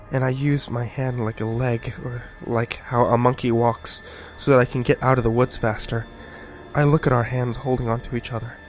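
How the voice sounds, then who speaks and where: A man narrating a first-person horror story in a scripted, hushed delivery. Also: medium pitch.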